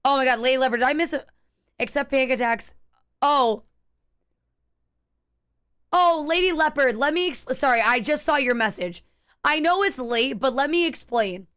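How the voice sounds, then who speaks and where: A young adult woman chatting on a game stream, candid and rambling, often restarting her sentences and cursing casually. Her voice sits a bit high and comes across smooth and clear. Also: moderate pace, pauses often, fairly bright tone. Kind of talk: casual chat while gaming.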